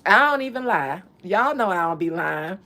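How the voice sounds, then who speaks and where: A woman's voice: on the low side, lively intonation, moderate pace, sharp tone. A woman hosting a podcast, chatting in a casual, profane, comedic way and laughing often. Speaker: podcast host.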